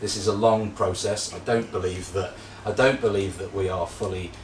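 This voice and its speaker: A man answering a question as a Labour candidate at a hustings, in a brisk, conciliatory manner. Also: sits low, steady tone. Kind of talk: political debate answer. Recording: echoey hall, distant mic, faint noise.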